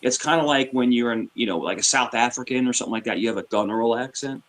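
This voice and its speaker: A man's voice: medium pitch, quick pace, a bit bright. A man in his fifties with a New York accent, rambling in casual chat and often restarting his sentences. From New York City. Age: 50s.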